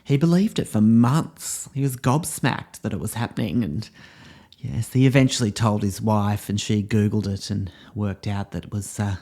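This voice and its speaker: In a comedy podcast monologue, a man plays a pompous drama teacher who rambles along with plenty of fillers. His voice sits fairly low, with a dark tone and a moderate pace.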